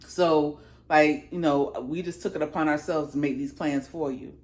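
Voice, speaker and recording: A woman's voice: deep voice, fairly even intonation, a little slow, a little mellow, voice pushed down. A woman voicing a cold young male prince who speaks in a dismissive, patronizing way. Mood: condescending.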